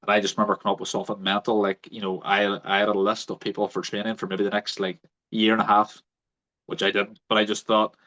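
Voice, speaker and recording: A man's voice: fairly low pitch, fast talker. A man, hosting a podcast and telling a story in casual chat, acting out the people he quotes. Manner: animated storyteller, acts out quoted voices. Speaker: podcast host. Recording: dull lo-fi audio.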